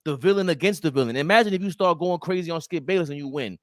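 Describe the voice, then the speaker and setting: A man co-hosting a casual sports podcast, talking in slangy, emphatic bursts with loud outbursts. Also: on the high side, quick pace, dry recording, clean studio sound. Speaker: podcast co-host.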